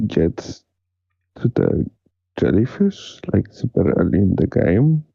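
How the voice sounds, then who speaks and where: A man chatting on a stream voice call, sounding drowsy and slow to catch up. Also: on the low side, sing-song, gravelly, warm tone, slightly rough, dry recording, muffled recording. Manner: drowsy, slow, just joined. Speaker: co-host on a stream. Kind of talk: casual group chat over voice call.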